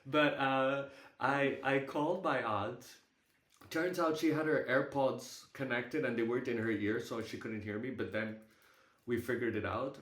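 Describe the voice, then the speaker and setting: A young man on a video call tells a personal story in a candid, halting way. He swears casually as he talks, and his voice sits at an ordinary pitch. The sound has a roomy echo. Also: fairly bright tone. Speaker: group call participant.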